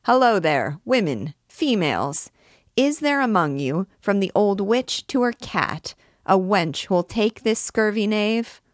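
A woman voicing a boisterous male king of vagabonds who hawks loudly like an auctioneer, in a storybook reading. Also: fairly low pitch, slow, dry recording, clean studio sound, pitched above the performer's own voice. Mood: rowdy. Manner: loud, hawking like an auctioneer.

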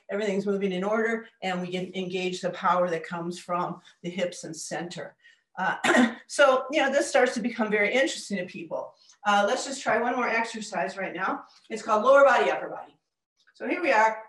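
A woman coaching a group in a live workshop, energetic and demonstrative as she walks them through movement exercises. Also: mid-range voice. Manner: energetic, demonstrative, talks with gestures. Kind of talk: live presentation with audience exercises. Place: presentation room with a group. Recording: echoey room, mic far off.

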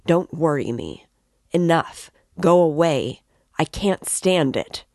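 A woman's voice: low voice, measured pace, darkish tone, no room sound, studio quality. A woman voicing a feverish, irritable young man who speaks in a broken voice.

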